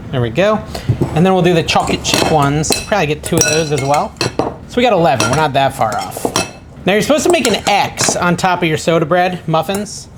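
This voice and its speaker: A man with a slightly high voice hosts a casual home cooking vlog, with noise in the background. He chats and thinks aloud in his kitchen, poking fun at himself.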